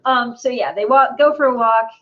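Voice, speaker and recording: A woman co-hosting a casual book discussion, chatty and quick to laugh, now and then reading a passage aloud. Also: fairly high pitch, narrow, tinny audio, crowd noise. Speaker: co-host discussing a novel.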